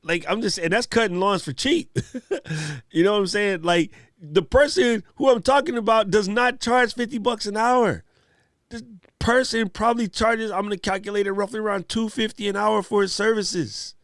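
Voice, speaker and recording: Slangy, animated live stream host man. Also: high voice, moderate pace, dry recording, clean studio sound. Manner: animated, slangy, talks straight to chat viewers. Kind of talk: casual live Q&A chat.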